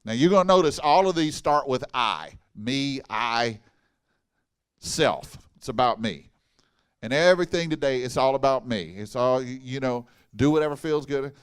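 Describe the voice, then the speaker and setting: A man preaching a sermon in a church, folksy and animated, mixing humor and asides with the congregation. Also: medium pitch, moderate pace, smooth. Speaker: pastor. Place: church hall.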